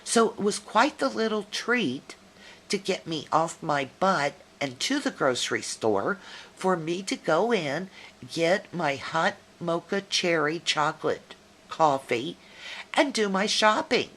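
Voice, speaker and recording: Middle aged southern lady just chatting to a friend on video, low voice, slow and folksy. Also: very animated, a bit bright. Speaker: vlogger. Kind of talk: casual chat to a viewer.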